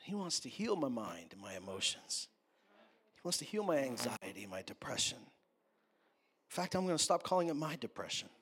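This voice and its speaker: A man preaching a sermon as a pastor, talking conversationally and joking with quick asides. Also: medium pitch, sing-song, fairly bright tone, husky.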